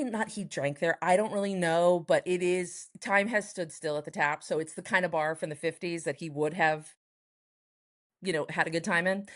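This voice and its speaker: A woman from Texas, a writer and performer, telling a personal story in an interview, acting out the voices of the people she quotes. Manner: lively, acts out quoted voices with big pitch jumps. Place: home in Los Angeles, noise next door.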